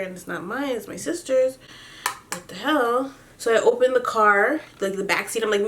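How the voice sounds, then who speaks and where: A young woman chatting to her viewers while doing her makeup at home, telling a story in an animated way, laughing often and swearing casually. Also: on the high side. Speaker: beauty vlogger.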